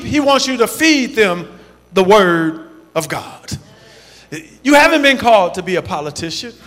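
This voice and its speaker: A man's voice: sits high, fairly bright tone. A man preaching a sermon to fellow pastors, with emphatic, rhythmic repetition. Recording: long reverb in a large hall.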